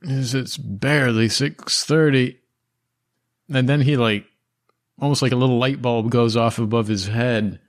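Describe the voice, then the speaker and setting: A man narrating as game master in a tabletop game, describing scenes in a relaxed way. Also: mid-range voice, measured pace, dry recording, clean studio sound.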